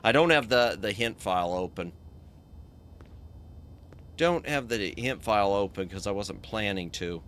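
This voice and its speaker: A man's voice: fairly low pitch, unhurried, long pauses, fairly bright tone, a little hiss or hum. A man streaming a video game as a VTuber, chatting casually, thinking aloud and thanking his chat.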